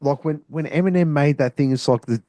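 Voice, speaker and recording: A man with a mellow, dark voice in a dry, close recording gives passionate opinions about music. He talks casually and emphatically, with plenty of swearing. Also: on the high side, brisk, no echo. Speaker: music reaction co-host. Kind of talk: casual reaction chat.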